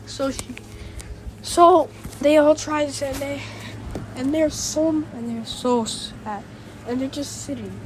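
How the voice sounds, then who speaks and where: A woman's voice: high-pitched, slow, a little mellow, slight background noise, poor audio. A woman retelling a fan-made story in a rambling way, with many restarts and fillers.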